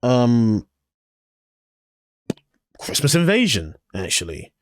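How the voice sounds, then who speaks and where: A man's voice: medium pitch, huge pitch swings, slow pace. Blunt, swearing male podcast co-host. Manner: blunt, swears, acts out imagined scenes. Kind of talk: casual review chat.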